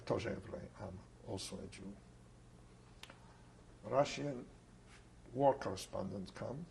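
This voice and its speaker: An older man from Czechoslovakia recounts his wartime survival in an oral history interview. His voice is gravelly and his pitch sits in an ordinary middle range. He speaks unhurriedly with pauses, over a faint background hiss. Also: darkish tone, low-quality recording. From Ungvar, Czechoslovakia. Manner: unhurried, plain storytelling with pauses.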